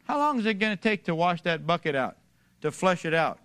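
Bright-voiced emphatic male preacher. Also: high-pitched, sing-song, a little fast, clear, resonant tone. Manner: preachy, emphatic, builds to raised declarations. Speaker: pastor. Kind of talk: sermon.

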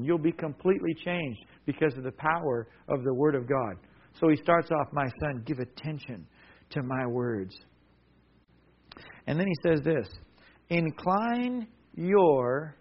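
A man preaching with a slightly high voice, pressing each key word again and again and calling on listeners to say it with him. The sound is dull and lo-fi, like an old radio broadcast. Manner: emphatic, repetitive, call-and-response. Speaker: pastor. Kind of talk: sermon.

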